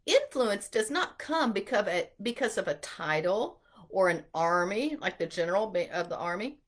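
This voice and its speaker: A middle-aged woman giving an earnest, animated inspirational talk to mothers about homeschooling. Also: medium pitch, moderate pace. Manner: animated, earnest, acts out quotes. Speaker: homeschool speaker.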